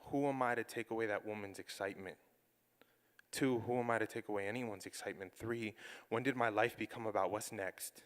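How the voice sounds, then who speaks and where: A man's voice: fairly low pitch, steady tone, fairly quick. Earnest man monologuing in reverberant hall. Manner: earnest, heavy use of "like" fillers. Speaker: solo stage speaker. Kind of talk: confessional spoken-word monologue.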